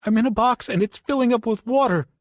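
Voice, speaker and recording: A man voicing a terrified boy trapped in a flooding box, crying out high and panicked. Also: fast talker, dry recording, clean studio sound.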